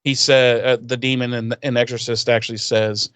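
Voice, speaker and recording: A man's voice: medium pitch, level tone, normal speed, a bit bright, smooth, no echo. A man co-hosting a podcast, recapping an episode in a jokey, profane way and laughing often. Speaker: podcast co-host. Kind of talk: casual recap chat.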